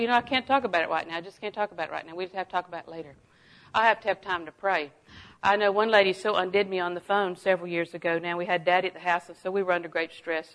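A middle-aged woman preaching a sermon, folksy and animated, often laughing and dropping to a hush for asides. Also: mid-range voice, poor audio. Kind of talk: sermon with personal stories.

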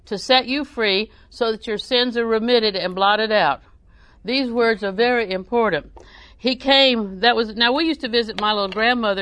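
A woman's voice: mid-range voice, fairly bright tone. A woman preaching a sermon, reading scripture aloud and telling folksy family stories.

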